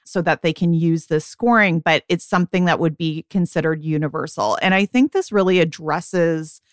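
A woman in her forties, co-hosting a podcast as a beauty editor, chatting casually and often quoting herself in quick asides. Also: sits low, no room sound, clean studio sound. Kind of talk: casual chat.

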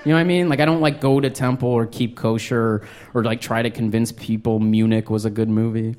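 A man's voice: medium pitch, fairly even intonation, brisk, noisy background. A man doing a stand-up comedy set on a club stage, telling a rambling, self-mocking story with lots of filler words, audience laughter behind him.

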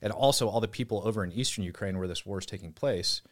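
A man's voice: lowish voice, quick pace. A man, a former soldier, talking casually and bluntly as a podcast guest, swearing and restarting his sentences. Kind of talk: casual conversation. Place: small room in a house.

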